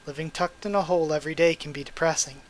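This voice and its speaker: Guy reading as guilt-ridden survivor, tired, quiet, resigned, bit high-pitched. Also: fairly even intonation, fast talker, slight background noise, lightly acted, low-quality recording. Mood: grieving. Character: grieving adult male survivor, weary, guilt-ridden.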